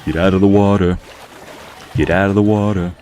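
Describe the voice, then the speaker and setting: A man's voice: sits low, steady tone, moderate pace, darkish tone. A man streaming a game, telling a long rambling story with frequent laughs while muttering at the game. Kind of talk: casual chat while playing a game.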